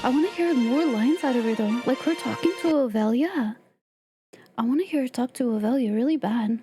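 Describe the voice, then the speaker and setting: A woman streamer chatting casually to her live audience, excitable and laughing often. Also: on the high side, fairly quick, soft background music.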